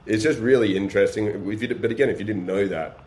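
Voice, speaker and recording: A man's voice: fairly low pitch, fast talker, a little mellow, slight background noise. A man on a podcast interview, explaining energetically with practical examples and rhetorical questions. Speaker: guest, beef supply chain business. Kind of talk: casual podcast conversation.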